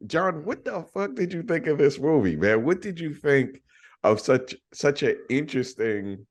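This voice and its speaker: A man's voice: on the high side, very animated, moderate pace. A man co-hosting a film podcast, talking eagerly and enthusiastically with casual swearing. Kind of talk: casual film review chat.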